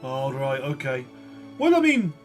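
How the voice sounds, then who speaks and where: A man's voice: medium pitch, wildly swooping pitch, measured pace, soft background music, voice pushed down. A man voicing a small, chatty male gnome shoe-shop keeper in a wobbly put-on regional accent, rambling with many fillers. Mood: eager. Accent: vague Birmingham-like put-on accent. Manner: hesitant, rambling salesman patter with many fillers.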